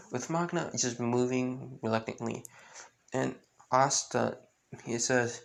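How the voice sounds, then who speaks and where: A man's voice: mid-range voice, steady tone, slow pace, creaky, fairly bright tone. A man improvising fan-fiction narration, rambling, with many restarts. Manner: rambling, full of restarts and with-clauses. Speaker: fan storyteller.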